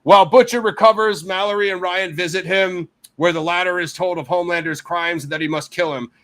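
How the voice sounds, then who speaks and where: A man's voice: sits high, fairly even intonation, a little fast, fairly bright tone. A man hosting a casual review chat, talking animatedly with fillers and laughs. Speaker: show host reviewing a TV series.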